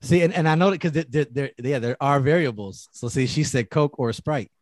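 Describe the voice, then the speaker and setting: A man with a Bronx accent co-hosting a casual podcast chat, loud and animated and quick to laugh. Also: medium pitch, no room sound. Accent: New York (Bronx). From the Bronx, New York. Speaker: podcast co-host.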